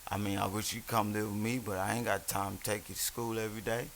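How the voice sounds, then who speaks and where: A man's voice: lowish voice, fast, vocal fry. A young man, telling stories in casual podcast chat and acting out what people said. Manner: animated storyteller, acts out quotes, swears freely. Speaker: podcast co-host. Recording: faint hiss.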